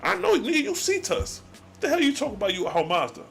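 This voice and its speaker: Casting: a man doing God as a brash street-talking buddy, high and loud, exasperated. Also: huge pitch swings, fast, creaky, faint music behind, heavily acted. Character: God as a blunt, streetwise male friend.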